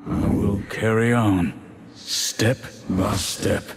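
An actor playing a brooding demon cowboy swordsman in game voice lines, with a low drawling gravelly delivery that breaks into shouts. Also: extremely slow, big-room sound, a little hiss or hum. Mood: grim.

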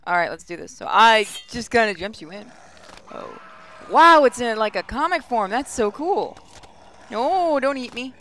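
Bright-voiced man narrating a game. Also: high voice, animated, moderate pace. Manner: chatty, reacts aloud to the game. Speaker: gaming video host. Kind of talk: casual let's-play commentary.

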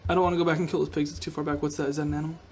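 A man's voice: fairly high pitch, little pitch movement, racing, a little mellow, a little hiss or hum. A young man commentating his gameplay in a goofy, rambling way, talking to himself and to viewers. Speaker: gaming video host.

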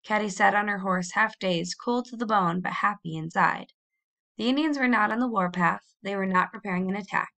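A woman narrates a storybook as an audiobook reader, measured yet expressive. Her voice is mid-pitched with a gravelly, creaky texture.

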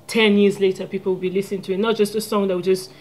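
A woman's voice: mid-range voice, little pitch movement, very fast, darkish tone. A woman singer with a French accent, talking earnestly about her music in a TV studio interview and laughing easily. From Congo. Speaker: singer guest. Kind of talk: TV interview chat.

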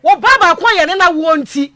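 A woman hosting a radio talk show, excitable, often exclaiming and repeating her phrases. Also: very high voice, fast, no echo, studio quality. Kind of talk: lively panel chat on a listener's family problem.

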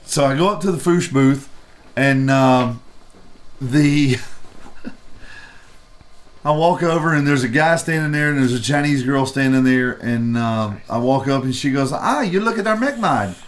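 A man's voice: medium pitch, fairly even intonation, a little slow, pauses often. A man co-hosting a vape review show, chatting casually and telling a rambling story with profanity. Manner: rambling and profane, acts out quoted people.

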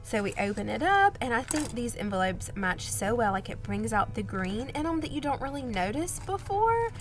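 A young woman with a slightly high voice. She talks in a casual, excitable way, gushing over every little thing she unboxes. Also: moderate pace, soft background music. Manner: gushing, excitable, gasping with delight. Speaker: budget vlogger.

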